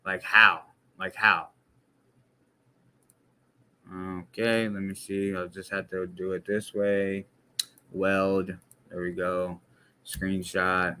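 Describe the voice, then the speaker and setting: A man's voice: low voice, level tone, takes it slowly, fairly bright tone, slight background noise. A young man streaming live, talking bluntly in casual slang and swearing freely. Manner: blunt and profanity-heavy, heavy slang. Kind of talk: casual livestream talk.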